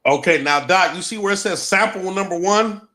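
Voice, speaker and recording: Male host, bright higher-pitched voice, emphatic, repeats points for viewers. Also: normal speed. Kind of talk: casual live-stream talk.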